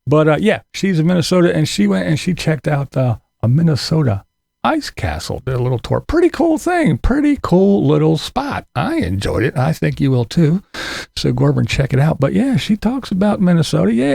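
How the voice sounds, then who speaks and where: A man's voice: fairly high pitch, gravelly, a little mellow, no echo, studio quality. A middle-aged man from Pennsylvania hosting casual commentary, rambling and sarcastic, cursing offhandedly. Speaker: commentary channel host. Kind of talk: casual commentary on other creators.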